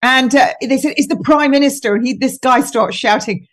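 Woman guest on a podcast, kinda high voice, jokey and mocking, laughs a lot. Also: brisk, fairly bright tone. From United Kingdom. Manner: chatty, mocking, laughs often. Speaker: guest nutritionist. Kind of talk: casual podcast chat.

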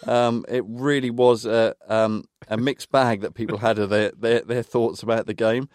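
A man's voice: medium pitch, fairly even intonation, normal speed, a little mellow, no room sound. Rambling man reminiscing, dry sound. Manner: rambling, reminiscing with many fillers. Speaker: podcast co-host. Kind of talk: casual football chat.

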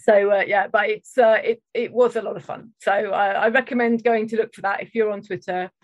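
A woman's voice: mid-range voice, fairly even intonation, a little fast, no echo, highs cut off. A woman hosting a podcast, chatting enthusiastically and rambling with fillers. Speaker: podcast host. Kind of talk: casual chat.

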